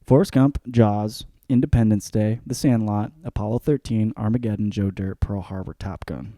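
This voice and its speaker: A young adult man hosting a podcast, delivering an ironic comedic rant full of swearing, jumping between shouting and muttering. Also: lowish voice, normal speed, no room sound, studio quality. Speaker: podcast host.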